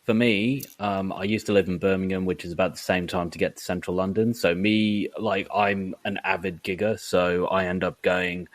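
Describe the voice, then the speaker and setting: A man's voice: deep voice, steady tone, normal speed, hardly any pauses. A man co-hosting a casual film chat podcast, talking in a hesitant way with many fillers. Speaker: podcast co-host.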